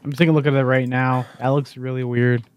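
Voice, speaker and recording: Male co-host, smooth voice, dry close sound, offhand quips. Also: mid-range voice, level tone, fast talker, no echo. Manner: brief offhand interjections. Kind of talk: casual chat.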